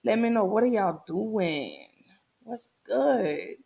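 A woman's voice: mid-range voice, lively intonation, slow pace, gravelly, mellow. Chatty woman hosting a podcast. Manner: chatty, folksy, addresses listeners as y'all and baby. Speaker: podcast host. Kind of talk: casual solo podcast chat with live listeners.

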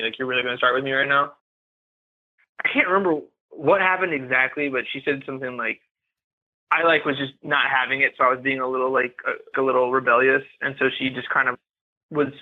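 A man, a podcast guest, telling his own story in an earnest, candid and reflective way. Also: medium pitch. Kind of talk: personal storytelling. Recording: tinny phone-like line.

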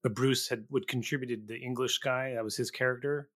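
A man with an average-pitched voice hosts a relaxed interview. He asks easygoing questions and trades stories in a conversational way. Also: fairly quick. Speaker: podcast host. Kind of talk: casual interview chat.

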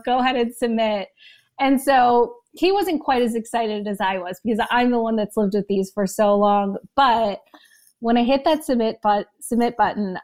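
A woman in her thirties telling her story as an interview guest, emotional and close to tears. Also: fairly high pitch. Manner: emotional, talks in quick bursts. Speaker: podcast guest.

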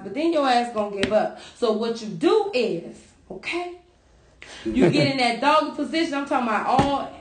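Loud, high-voiced woman podcast co-host. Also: reverberant. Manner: loud, profane, animated storytelling. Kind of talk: casual chat.

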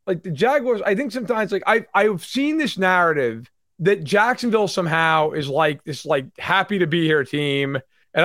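A man in his thirties co-hosting a casual sports talk show, animated and mimicking fans in loud put-on voices. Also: sits high, brisk, dry recording, clean studio sound, soft background music. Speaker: sports podcast co-host.

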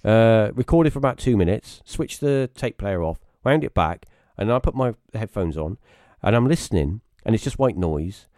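A man with a British accent, a guest telling rambling personal stories casually, restarting often and jumping into high voices when he quotes people. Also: expressive, normal speed, hardly any pauses, a little mellow, no room sound, clean studio sound. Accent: British English. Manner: rambling anecdotal storytelling with many restarts; acts out quoted voices with sudden high pitch. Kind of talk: casual storytelling on a live stream.

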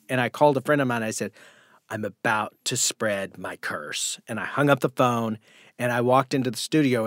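A man on a podcast telling lively stories about his career as an impressionist, often slipping into quick impressions. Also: medium pitch, no echo, clean studio sound. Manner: animated storyteller who slips into impressions. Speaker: guest impressionist. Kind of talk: casual podcast chat.

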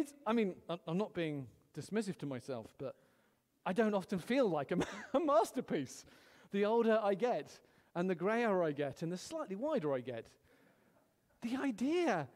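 A middle-aged man preaching a sermon, animated, swinging between loud exclamations and hushed storytelling. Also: sits high, big-room sound.

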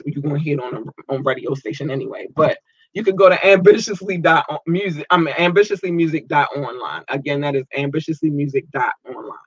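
Upbeat male podcast host, animated, slightly high voice, dry close sound. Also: no room sound, muffled recording. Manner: upbeat, animated, stumbles over place names. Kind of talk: casual shout-outs to listeners.

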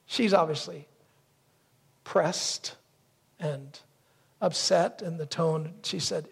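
A man preaching a sermon, telling a story with lively asides and acting out brief voices. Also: fairly high pitch, slow pace, creaky, pauses often, husky. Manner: storytelling, acts out wife's lines and crow caws. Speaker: pastor.

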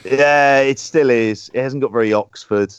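A man's voice: medium pitch, moderate pace, clear, resonant tone, no room sound, muffled recording. A man with a London accent, co-hosting a podcast in rambling casual chat and swearing now and then. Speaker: podcast co-host.

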